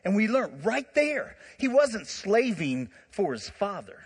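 A male pastor delivers a sermon with a high, slightly husky voice. He tells stories in an animated, conversational way, full of asides. His words carry a long reverb, as in a large hall. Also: slow pace. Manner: animated storytelling with laughs and asides.

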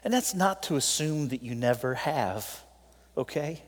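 A man preaching a sermon in a church, telling a story and pleading with the congregation, swinging between loud appeals and soft, quiet moments. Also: medium pitch, animated, measured pace. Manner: tells a story with voiced characters. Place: church sanctuary. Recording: long reverb of a large hall.

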